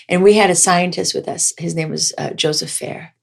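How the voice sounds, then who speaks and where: A woman's voice: fairly low pitch, steady tone, moderate pace, vocal fry. A woman journalist as an interview guest, telling a story vividly and with animation, restarting her sentences.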